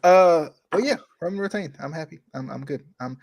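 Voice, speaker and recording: A man hosting a wrestling podcast in casual chat, rambling and correcting himself as he gets excited. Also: on the high side, brisk, creaky, husky. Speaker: podcast host.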